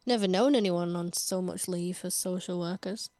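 A woman's voice: on the low side, normal speed, mellow, dry recording. A woman co-hosting a radio show, chatting casually, teasing her partner and laughing easily while plugging upcoming shows. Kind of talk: casual chat.

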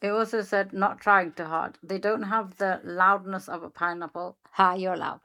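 A woman's voice: mid-range voice, fairly even intonation, moderate pace, pushed and bright. A woman co-hosting a casual podcast, laughing often as she reads chatbot answers aloud. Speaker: podcast co-host. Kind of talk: casual chat, reading aloud.

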